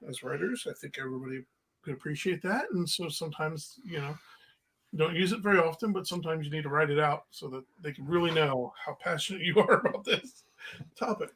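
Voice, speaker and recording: A man's voice: a little high, fairly quick, fairly bright tone, slightly rough, rough recording. A man from the northern US, co-hosting a casual livestream and making easygoing, wry jokes. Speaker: host's husband and co-host.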